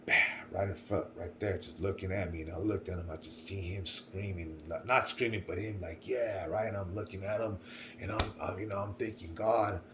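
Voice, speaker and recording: A young man telling a personal story in casual slang, animated, acting out other people's voices and often trailing off quietly. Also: on the low side, a little hiss or hum.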